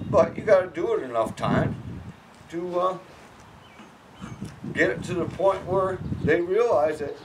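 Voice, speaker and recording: A man giving casual horse-training advice in a blunt, emphatic way, often restarting his sentences. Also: very noisy. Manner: lively, swinging from low mutters to loud bursts. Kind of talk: casual instructional talk.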